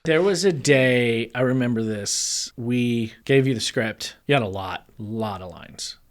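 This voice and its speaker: A man's voice: mid-range voice, measured pace. A man co-hosting a casual interview with his grown child, teasing and playful in his remarks. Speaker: co-host, father.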